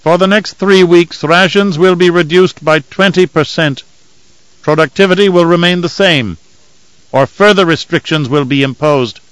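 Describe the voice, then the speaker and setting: A man voicing a cold official who announces a punishment over loudspeakers in a stern, proclaiming manner. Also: on the high side, clean tone, dry recording, pitched above the performer's own voice, close to an everyday voice, rough recording.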